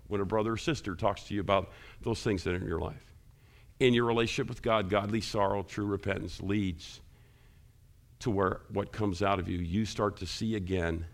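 A male pastor delivers a sermon, putting questions to his congregation, and his voice rises high and loud whenever he drives a point home. There's vocal fry in his voice.

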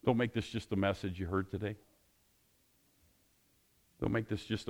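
A male pastor preaching with passion, closing his sermon in prayer and getting louder and higher when excited. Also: normal speed. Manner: passionate, rising loud and high when excited.

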